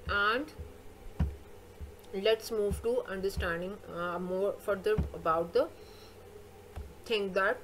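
A woman's voice: medium pitch, a little hiss or hum, low-quality recording. Woman teacher explaining grammar. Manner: explanatory, repeats points, frequent uh fillers. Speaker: school teacher. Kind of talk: recorded English grammar lesson.

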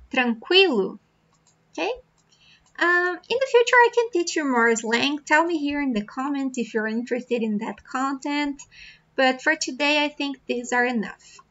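Bright, slow-speaking woman teacher. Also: fairly high pitch. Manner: slow, patient, repeats words for practice. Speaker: language teacher. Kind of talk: beginner language lesson. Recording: slightly dull lo-fi sound.

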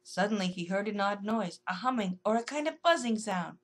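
A woman narrating a rhyming children's story in a gentle, sing-song way. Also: mid-range voice, lively intonation, fairly quick.

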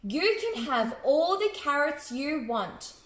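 Stern scolding male schoolteacher, read by a woman, high and animated. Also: takes it slowly, exaggerated voice. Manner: shouting, scolding. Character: stern grumpy male teacher. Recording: echoey room.

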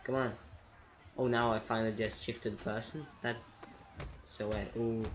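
Casual gamer guy narrating his play, excitable and giggly, slow unhurried delivery. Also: medium pitch, noisy background. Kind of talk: casual gameplay commentary.

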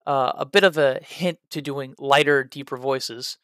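Guy rambling thru rpg character tips, lots of uh's, middle pitch, dry close sound. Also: unhurried, clean tone, dry recording. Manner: rambling with frequent "uh" fillers; lively, trying out voices as he explains. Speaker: tabletop role-play tutorial host. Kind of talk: casual advice video.

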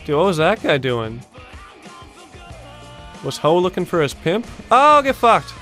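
A young man hosting a video-game montage reaction, talking casually, swearing often and bursting out in excited disbelief. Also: a little high, unhurried, soft background music. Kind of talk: casual gaming reaction commentary.

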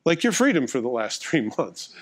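A man's voice: medium pitch, very animated, moderate pace. A middle-aged male pastor delivering a sermon in a conversational, wry, self-mocking way, acting out little dialogues.

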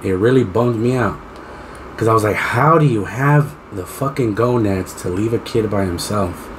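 A man co-hosting a casual podcast, with a fairly low voice and a profane, animated way of telling a story. He talks loosely and swears freely. A faint noise sits under the recording. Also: moderate pace. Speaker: podcast co-host.

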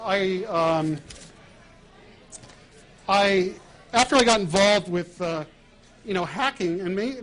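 Animated man telling stories with a high voice. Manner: animated, laughing at his own prank stories. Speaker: author giving a talk. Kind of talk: storytelling talk to an audience. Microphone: wireless mic while walking around.

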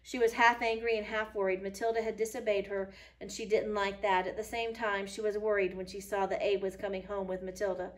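A woman's voice: medium pitch, steady tone, a little fast. Woman teacher reading a story aloud. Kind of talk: reading a children's book aloud with comments. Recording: voice a little far from the mic.

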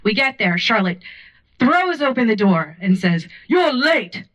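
A woman's voice: medium pitch, a little slow. A woman performing a stand-up comedy set on a club stage, telling stories animatedly into a handheld mic. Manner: animated storytelling with many voices.

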